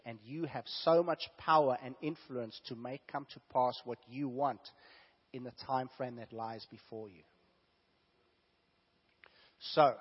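A man preaches a sermon in a husky voice, sick with a fever and sore throat. He drops to hushed asides, then rises to loud, emphatic exclamations. The sound is dull and lo-fi, with a long echo from a church hall. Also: medium pitch. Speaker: pastor.

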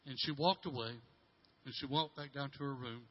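A middle-aged male pastor telling a story in a sermon, halting and repeating words, dropping from loud to hushed. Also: medium pitch, fairly even intonation, muffled recording.

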